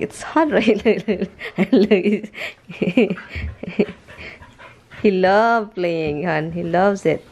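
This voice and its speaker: A woman from the Philippines chats and giggles through a casual home video, slipping between Tagalog and English. She speaks slowly. A faint hiss sits under the phone recording. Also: mid-range voice, a little mellow. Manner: laughing often, mixing Tagalog and English. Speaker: vlogger. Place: home, indoors.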